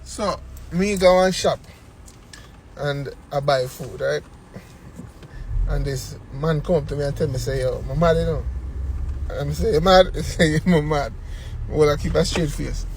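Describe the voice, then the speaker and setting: A man with a slightly high voice tells a comic anecdote in patois. He acts out each quoted line, and faint noise sits under his voice. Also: measured pace, pauses often, poor audio. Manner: storytelling that acts out quoted dialogue.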